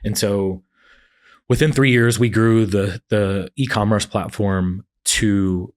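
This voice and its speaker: A man's voice: on the low side, fairly even intonation, takes it slowly. A man in his forties, an entrepreneur telling his story in a casual interview and acting out what others said. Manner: storytelling, acts out quotes of others. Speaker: entrepreneur guest.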